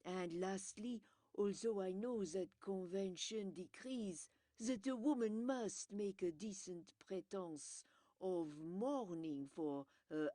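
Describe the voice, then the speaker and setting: A woman voicing a fussy, self-assured older male detective who explains things in a brisk, lecturing way. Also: fairly low pitch, warm tone, dry recording, clean studio sound. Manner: brisk, lecturing, pleased with himself.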